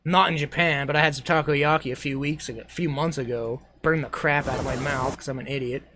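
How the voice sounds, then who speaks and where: Male streamer with a high-ish voice, loose self-mocking chatter over a hissy, noisy mic. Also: fairly even intonation, pushed and bright. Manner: rambling, self-deprecating, quick to exclaim. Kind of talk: casual commentary over old travel videos.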